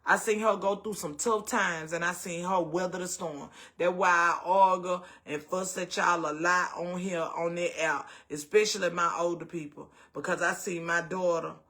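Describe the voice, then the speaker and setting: A woman's voice: fairly low pitch, fairly even intonation, moderate pace, hardly any pauses, a bit bright. A middle-aged woman with a Southern US accent, hosting a casual storytelling chat in a blunt, profane way and acting out the voices of people she quotes. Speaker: host.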